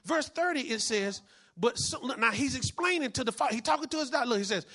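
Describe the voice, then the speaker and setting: A man preaching a fiery sermon as a pastor, breaking into shouts, repeating his key phrases and acting out the people in his stories. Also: extremely high pitch, expressive, fast. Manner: acts out the people in his story.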